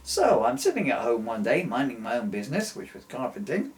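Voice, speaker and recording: Man reading as sardonic grumbling old Noah, lively pitch, comic storybook. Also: fairly quick, natural voice. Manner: complaining, sardonic.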